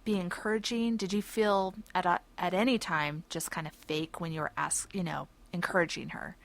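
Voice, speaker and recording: A woman's voice: on the low side, fairly even intonation, moderate pace, creaky. A woman co-hosting a radio talk show, asking thoughtful, curious questions. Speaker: radio co-host.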